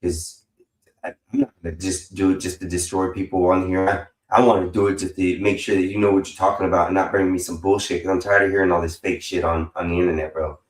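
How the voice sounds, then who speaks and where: A man's voice: sits low, fast talker. Profane, rambling man in an echoey room. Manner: profane, rambling, animated storytelling. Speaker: stream host. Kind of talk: casual call-in chat. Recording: roomy echo.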